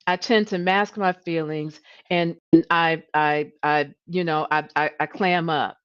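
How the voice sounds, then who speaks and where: A woman hosting a coaching livestream. She talks in an animated way, often restarts and repeats words, and her voice rises when she gets passionate. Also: deep voice, unhurried, smooth, highs cut off. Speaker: leadership coach and livestream host. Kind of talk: coaching talk.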